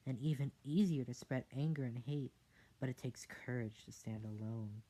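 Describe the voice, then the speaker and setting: A reader reading a picture book aloud in a casual, soft style, adding whispered side comments. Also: mid-range voice.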